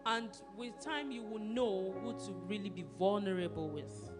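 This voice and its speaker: A woman's voice: medium pitch, normal speed. A woman pastor with a Nigerian accent, preaching in a conversational way, often asking "do you understand?" and laughing. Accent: Nigerian English. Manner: animated, asks the audience questions, laughs often. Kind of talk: conversational sermon. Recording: music playing behind her.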